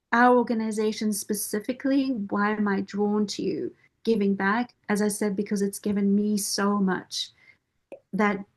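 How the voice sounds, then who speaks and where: A woman at an ordinary, mid-range pitch speaks in a heartfelt interview testimonial. Her delivery is earnest and measured, with deliberate pauses between phrases as she chooses her words. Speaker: nonprofit board member and parent caregiver.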